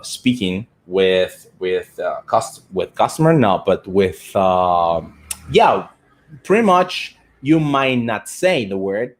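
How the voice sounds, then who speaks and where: Lively man teaching English on a live stream. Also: medium pitch. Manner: lively, repeats words, reads out viewer comments.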